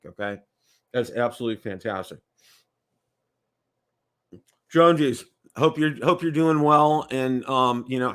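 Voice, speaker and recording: Bright-voiced American man hosting a livestream. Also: medium pitch. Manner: rambling, repeats words, checks in with "okay?". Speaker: livestream host. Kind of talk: casual livestream chat.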